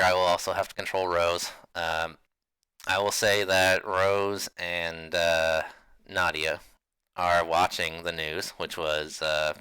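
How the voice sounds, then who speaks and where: A man running a tabletop game, chatty and quick to laugh. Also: low voice, clean tone, no room sound. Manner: laughs often, relaxed and chatty. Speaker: game master.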